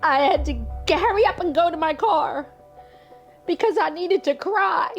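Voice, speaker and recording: A woman with a very high voice speaks in a documentary interview. She is a bereaved mother, and her speech is emotional and faltering. Soft music plays quietly underneath her voice. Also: moderate pace, highs cut off. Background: faint music.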